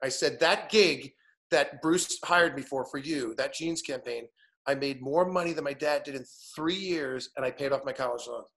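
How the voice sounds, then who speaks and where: Here a fifties-aged male guest spins a story in relaxed conversation, playing the other characters with gusto. The voice is gravelly yet fairly bright, at medium pitch and ordinary speed.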